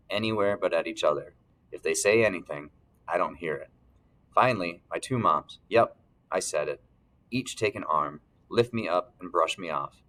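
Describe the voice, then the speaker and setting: A man reading a first-person novel aloud as narrator, steady, clearing his throat now and then. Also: deep voice, low-quality recording. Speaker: audiobook narrator.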